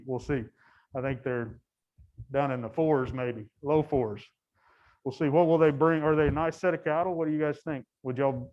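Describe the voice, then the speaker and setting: A man's voice: a little high, darkish tone, lo-fi sound. A man casually commenting while he watches cattle, chatty, laughing often and breaking off his sentences. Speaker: guide.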